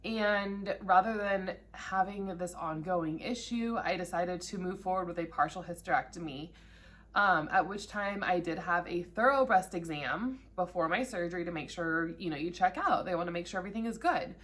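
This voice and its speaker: A vlogger in her thirties, speaking with a lowish, somewhat bright voice at normal speed, shares her cancer story directly to camera. The telling is honest and conversational, and frequently emotional.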